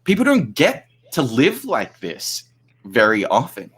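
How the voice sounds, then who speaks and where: A man talking on a casual group livestream, his pitch rising and falling a lot. He swears freely and breaks into laughter often. The tone is loose and chatty. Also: wildly swooping pitch, a little slow, fairly bright tone, husky.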